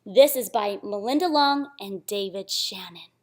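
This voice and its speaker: A woman reading a picture book aloud to children, sing-song and animated, often dropping to a whisper. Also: medium pitch, unhurried. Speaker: storytime reader.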